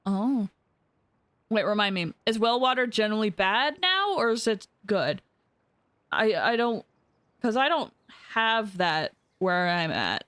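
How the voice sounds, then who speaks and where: A woman's voice: mid-range voice, big pitch swings, measured pace, a bit bright, no room sound. A young woman streaming a video game, chatting casually and rambling with lots of fillers. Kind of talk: casual live-stream chat.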